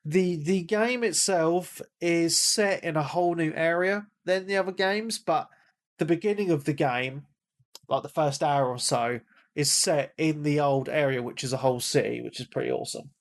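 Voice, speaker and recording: A man chatting casually on a gaming podcast, his voice sitting a little high. He rambles, repeats himself and restarts sentences, and he is hoarse from losing his voice. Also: normal speed. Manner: rambling, repeats words, calls himself a big nerd. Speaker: podcast co-host. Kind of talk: casual chat.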